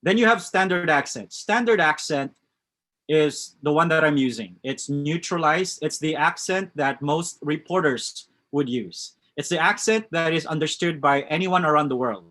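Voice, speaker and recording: A man's voice: fairly high pitch, moderate pace, fairly bright tone. A man with a West Coast American accent teaching a live online English class, reading out chat answers and commenting on them.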